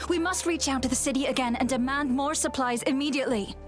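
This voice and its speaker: A woman's voice: high voice, fast talker, soft background music, close to an everyday voice. A woman with an English accent voicing a harried supply officer at a battle camp who gives commands urgently.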